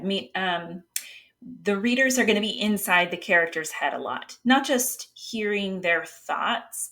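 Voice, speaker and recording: A woman's voice: medium pitch, fairly bright tone. A woman editor explaining writing technique in a casual, patient way, with occasional fillers and restarts. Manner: reads example passages aloud. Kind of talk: casual instructional talk.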